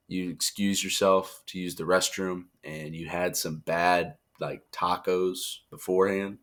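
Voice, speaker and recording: Low-pitched with a fairly bright tone, this young man sounds tired as he gives a loose, jokey wrestling review. He keeps it chatty and does quotes in funny voices.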